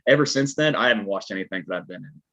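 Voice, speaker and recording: A stuntman appearing as a podcast guest spins a casual story in a low, husky voice with a Southern American twang, rambling along in a laid-back way with plenty of filler words. His delivery is also animated, racing, pushed and bright, and the audio is dull and lo-fi, like a home podcast setup.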